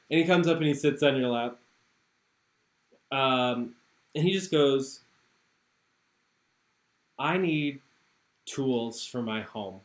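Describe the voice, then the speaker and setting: Guy running a tabletop game, kinda high voice, laughs a lot, echoey room. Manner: laughing often, relaxed with fillers. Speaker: game master.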